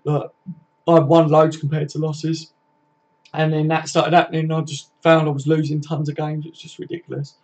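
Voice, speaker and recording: A man's voice: on the high side, monotone, normal speed, darkish tone. A young man hosting a casual live stream, reading viewer comments aloud in a chatty, laddish way and swearing freely.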